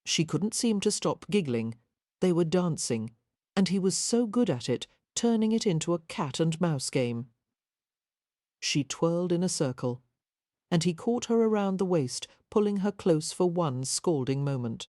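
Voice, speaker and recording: A woman narrating a historical romance audiobook in a measured, even storytelling manner, close to the mic. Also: fairly low pitch, dry recording.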